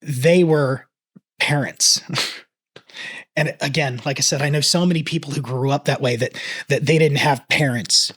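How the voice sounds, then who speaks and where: A man in his thirties gives an earnest, reflective reaction commentary, choked up and talking in halting bursts. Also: mid-range voice, fairly bright tone, breathy edge. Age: 30s. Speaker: reaction video host.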